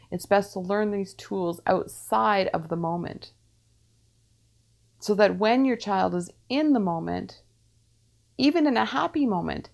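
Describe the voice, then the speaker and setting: A medium-pitched, creaky female voice delivers channeled spiritual teaching. Speaking as a medium, she stays measured, repeats her phrases, and lets calm pauses fall between them.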